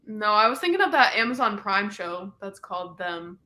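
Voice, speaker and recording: A young woman with a bright, sharp tone chats casually as a co-host. She answers in short, agreeable bits and swears now and then. Her pitch sits in an ordinary middle range. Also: lively intonation, normal speed. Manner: brief, agreeable replies, occasional swearing. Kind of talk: casual chat.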